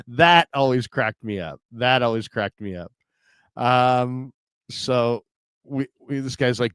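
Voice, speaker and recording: A man's voice: mid-range voice, a little slow, no room sound. A man hosting a solo sports livestream, chatting in a rambling, casual way with lots of fillers. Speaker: podcast host.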